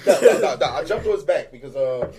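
A man co-hosting a podcast, telling school stories in casual chat, laughing often and loudly acting out what others said. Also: fairly high pitch, fast talker, crowd noise. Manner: animated, laughs often, acts out quotes loudly. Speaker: podcast co-host.

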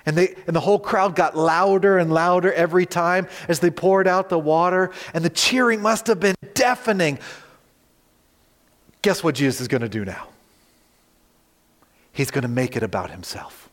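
A male pastor preaching a sermon, animated, rising loud on quoted words and turning to the congregation with conversational asides. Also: high voice, moderate pace, long pauses, long reverb tail.

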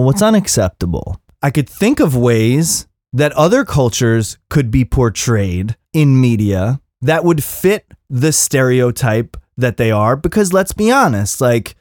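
Animated ranting man, dry close sound. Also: mid-range voice, dry recording. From Philadelphia area. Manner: ranting, profane, emphatic. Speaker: podcast host. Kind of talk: impassioned monologue.

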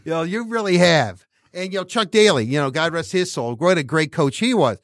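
A man's voice: fairly high pitch, animated, a little fast, dry recording, clean studio sound. A man hosting a podcast in casual sports chat, rambling with many restarts and laughing as he talks. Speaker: podcast host.

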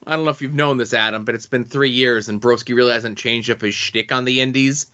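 A man's voice: mid-range voice, fairly even intonation, a little fast, sharp tone. Hesitant, filler-heavy man on a lo-fi podcast. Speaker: podcast co-host. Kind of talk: casual chat.

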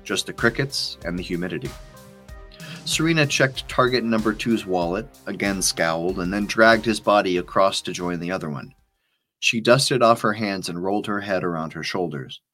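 Deep-voiced man narrating a spy thriller. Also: moderate pace, a bit bright, soft background music. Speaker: author and narrator. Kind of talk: scripted audiobook narration.

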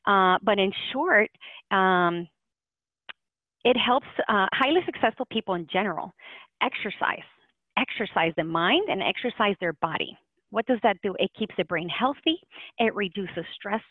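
A woman's voice: medium pitch, lively intonation, normal speed, dry recording. A woman guest in a podcast interview, talking with energy and lots of fillers and restarts. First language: Spanish. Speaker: podcast guest, language teacher. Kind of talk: casual interview talk. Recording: tinny phone line, dry.

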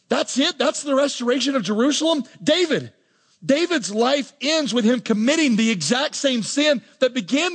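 A man preaching a sermon as pastor, swinging between soft low lines and raised, emphatic ones. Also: breathy edge. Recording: long reverb of a large hall.

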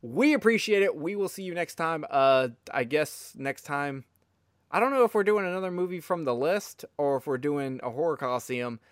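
A man's voice: fairly high pitch, lively intonation, normal speed, no room sound, clean studio sound. A man hosting a casual podcast interview, rambling and enthusiastic, swearing freely. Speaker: podcast host.

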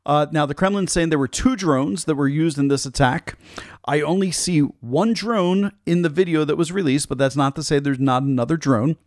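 A man's voice: a little high, moderate pace, darkish tone, no echo. Male host, loose chatty commentary, dry unroomy mic. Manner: casual, chatty, with fillers. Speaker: podcast host.

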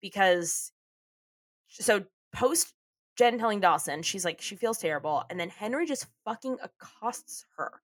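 A woman's voice: mid-range voice, lively intonation, measured pace, no echo, clean studio sound. A woman co-hosting a podcast, chatting casually as she recaps a TV episode, laughing often and swearing freely. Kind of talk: casual chat.

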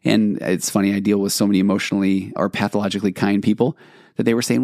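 A man's voice: lowish voice, level tone, fast, creaky, a little mellow, no room sound, clean studio sound. A man hosting a podcast, telling a personal story in a reflective, rambling way with many restarts. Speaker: podcast host, therapist. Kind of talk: storytelling monologue.

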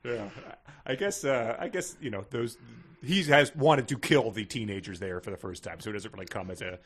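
A man's voice: fairly low pitch, moderate pace, husky. A man co-hosting a podcast, making dry, wry remarks in casual comic chat. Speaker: podcast co-host.

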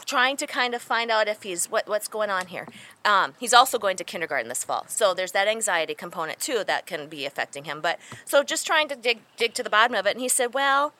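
A woman in her forties, a podcast co-host who runs a home child care, telling lively stories and acting out what the children said. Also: mid-range voice, fairly quick. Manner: lively storyteller, acts out children's lines. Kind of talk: casual chat.

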